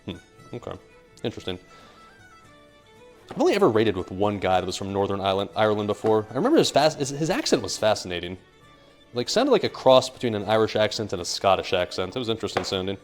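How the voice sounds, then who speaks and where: A man's voice: fairly low pitch, big pitch swings, fast talker. Rambling American guy streaming while cooking. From United States. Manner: rambling, joking, reads chat aloud. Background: faint music.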